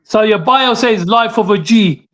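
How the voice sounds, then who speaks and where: A man's voice: high-pitched, a little slow, fairly bright tone. A man hosting an interview, asking questions and giving brief affirming replies. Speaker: interview host.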